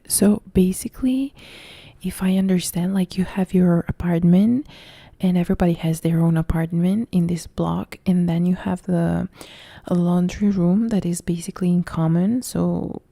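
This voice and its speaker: A young Italian woman speaking in a soft whisper, her voice deeply dark and full of gravelly fry. She chats casually with viewers in a whispered role-play live stream, her English carrying a clear Italian accent, and the sound is dry and close. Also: dry recording. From Italy. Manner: soft whispered chat reading viewer comments.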